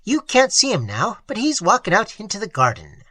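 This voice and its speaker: A sly, uncanny gardener who coaxes his guests in a chummy, folksy drawl, as a storyteller puts him on. The delivery swings widely in pitch and sounds dry and close. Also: huge pitch swings, moderate pace, pushed and bright, no room sound, heavily acted. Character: eerie otherworldly male gardener.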